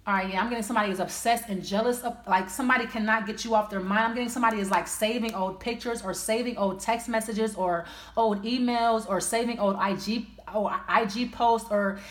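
A woman's voice: on the high side, fairly even intonation, fairly quick. A woman doing a casual tarot reading, blunt and profane, thinking aloud as she pulls each card. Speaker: tarot reader. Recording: roomy echo.

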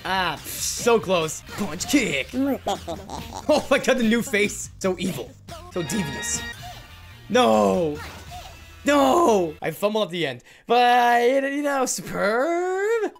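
A woman chatting through a rhythm game in casual gameplay commentary, her pitch leaping up and down as she groans and cheers. Her tone stays self-mocking and animated, with faint game music playing behind her. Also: slow. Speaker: gaming YouTuber.

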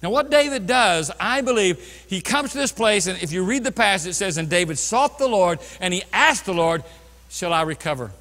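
A man preaching a sermon as pastor, swinging from loud bursts down to quiet, low passages. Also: animated, moderate pace, big-room sound. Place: church sanctuary.

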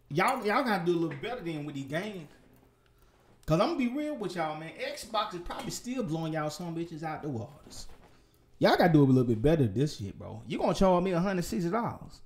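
A young man, ranting loudly and profanely in a casual gaming vlog. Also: fairly high pitch, a little fast. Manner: animated, profane ranting with sudden loud outbursts. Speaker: gaming vlogger.

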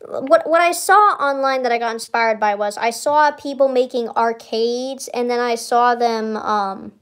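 Young woman streamer rambling thru a game tour, giggly, kinda high voice. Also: a little slow. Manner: rambling, giggly, many fillers and restarts. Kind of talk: casual game tour chat.

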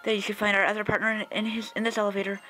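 A stiff, formal male officer with a thick mock-Russian accent, as a gamer puts him on, pitched a bit above his usual voice. The tone is bright and clipped, with faint game music underneath. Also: completely flat delivery, rapid-fire. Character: stern male officer reading game dialogue.

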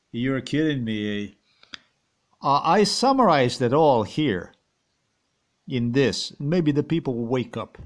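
A man with a Slovenian accent rambling and ranting in a monologue, swearing and firing off repeated rhetorical questions. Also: medium pitch. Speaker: vlogger.

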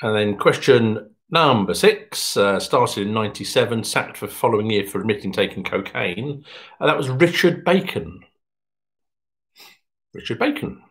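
A man's voice: animated, moderate pace, a bit bright. A man hosting an online pub quiz, reading answers in a chatty, jokey way. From England. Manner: chatty, jokey, pitch jumps up when announcing. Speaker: quiz host.

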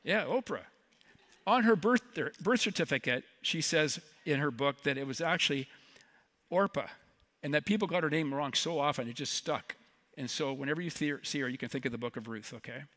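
A man's voice: fairly high pitch, brisk, a bit bright. A man preaching a sermon as a guest speaker, conversational and joking with the congregation in between. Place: church sanctuary.

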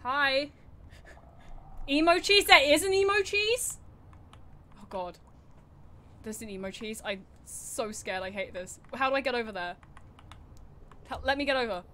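A woman's voice: high-pitched, expressive, measured pace, pauses often, a bit bright. A young woman streaming a horror game from her desk at home, chattering anxiously, mocking herself and breaking into sudden screams. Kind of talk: live game commentary.

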